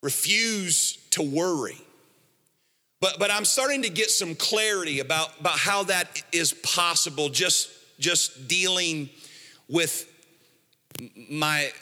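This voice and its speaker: A man's voice: fairly high pitch, pushed and bright. A man preaching a sermon as pastor, emphatic and storytelling, repeating his key phrases. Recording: echoey hall.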